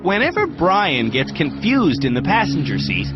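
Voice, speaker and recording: Wry male TV narrator, lively high voice. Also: moderate pace. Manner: wry, dryly sarcastic. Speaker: host and narrator. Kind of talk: scripted reality-TV narration. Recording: dull lo-fi TV audio with music.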